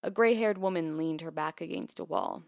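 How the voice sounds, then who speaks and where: A woman narrating a first-person memoir in a quiet, measured, intimate way. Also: low-pitched, vocal fry, no room sound, studio quality.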